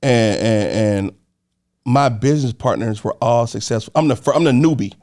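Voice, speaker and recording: Casting: young man, lively storyteller, mid-range voice, does voices for others, laughs often. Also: mid-range voice, moderate pace. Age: 20s. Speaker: podcast guest. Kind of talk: casual storytelling.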